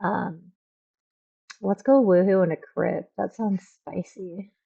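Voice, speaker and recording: Chatty woman streamer with vocal fry. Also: medium pitch, slow pace, narrow, tinny audio. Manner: chatty, rambling with fillers. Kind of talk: casual gameplay commentary.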